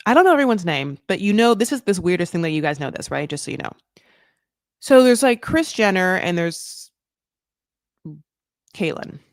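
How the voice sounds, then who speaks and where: Lady doing a rambly recap, lowish voice, keeps going off on tangents, pretty dry mic. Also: normal speed, pauses often, dry recording. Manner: chatty, rambling, tangents and self-corrections; animated with sudden high jumps in pitch. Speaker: recap show host. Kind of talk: casual chat recap.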